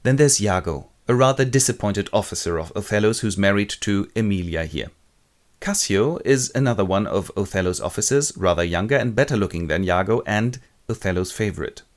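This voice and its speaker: A man with a low voice that moves lively up and down, narrating a comic retelling of a classic play. He is wry and sardonic throughout. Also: a little fast.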